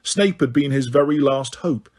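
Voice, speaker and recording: A man reading an audiobook in a steady storytelling way. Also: mid-range voice, moderate pace. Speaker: audiobook narrator. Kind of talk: audiobook narration.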